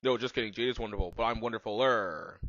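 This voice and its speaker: A man's voice: lowish voice, fast talker, a bit bright, no room sound. A man doing a comedic reading, tossing in sarcastic, mocking asides. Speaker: comedic reader of a bad fanfic. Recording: dull lo-fi home mic.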